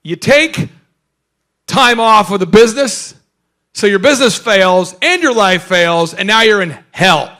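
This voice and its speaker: A man hosting a business workshop, talking to a live audience in an animated, joking way and firing questions at the crowd. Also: sits high, measured pace. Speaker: host. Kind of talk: energetic business workshop talk.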